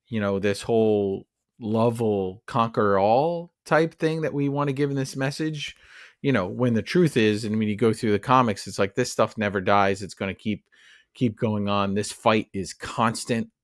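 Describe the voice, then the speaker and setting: A man's voice: on the low side, a little slow, no room sound, studio quality. A man co-hosting a podcast, chatting about a film and its comic roots in a loose, opinionated way. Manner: chatty, opinionated, many fillers. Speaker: podcast co-host. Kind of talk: casual film discussion.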